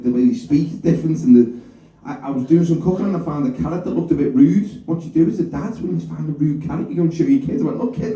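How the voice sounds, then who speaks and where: A man's voice: medium pitch, warm tone, distant mic. A man from England doing a rambling, self-deprecating stand-up set in a comedy club bar, swearing freely. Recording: echoey dull room recording from off-mic.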